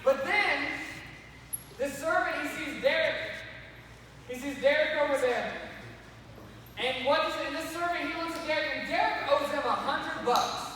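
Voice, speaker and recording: Lively male youth pastor, high bright voice; distant mic in a reverberant hall. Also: moderate pace, pauses often, a little hiss or hum. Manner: energetic, acts out characters, calls kids by name. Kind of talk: animated Bible lesson for kids. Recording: echoey hall from far off.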